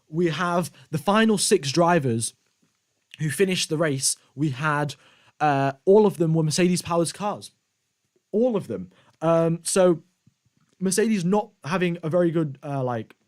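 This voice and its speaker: A man's voice: on the high side, a little mellow. A man hosting a casual live stream, giving rambling, conversational race commentary and thanking his viewers.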